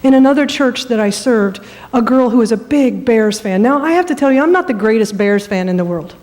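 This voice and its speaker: A woman pastor preaching a sermon, telling a story in a conversational, animated way. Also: on the high side, fairly quick. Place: church sanctuary. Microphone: microphone that cut out. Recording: echoey hall, voice from far off.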